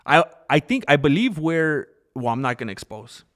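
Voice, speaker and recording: A man hosting a casual livestream, giving opinionated, animated commentary and reading out chat messages. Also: a little high, normal speed. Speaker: livestream host.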